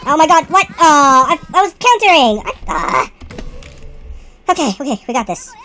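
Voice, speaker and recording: A woman's voice: high-pitched, sing-song, moderate pace, pushed and bright, soft background music. A woman playing a video game and reacting aloud, exasperated, exclaiming and cursing at what happens on screen. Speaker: let's play gamer. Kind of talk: live gameplay commentary.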